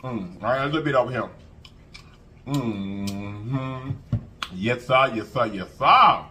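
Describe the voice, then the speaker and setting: A man's voice: medium pitch, slow pace, a little hiss or hum. A man hosting an eating show, chatting casually to viewers and humming as he eats. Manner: animated, sing-song hype, lots of humming while eating. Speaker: mukbang host.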